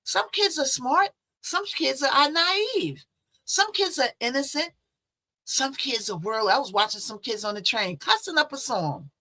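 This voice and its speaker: Woman host, bright voice, casual and talky, tosses in rhetorical questions. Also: sits high, lively intonation, measured pace. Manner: chatty, conversational, rhetorical asides. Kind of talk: casual commentary on a news case.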